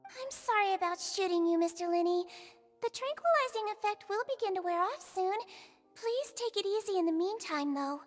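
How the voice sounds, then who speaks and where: A woman voicing a tiny, gentle female nurse creature who speaks softly and politely. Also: very high-pitched, animated, moderate pace, long reverb tail, soft background music. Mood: polite, earnest. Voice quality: sweet, polite, soft-spoken. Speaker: game character.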